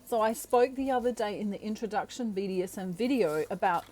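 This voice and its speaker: A woman with a mellow, relaxed voice, talking casually to the camera on her own channel. She is animated, laughs often, and acts out quoted voices as she explains. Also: mid-range voice, fairly quick. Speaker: tarot reader and channel host.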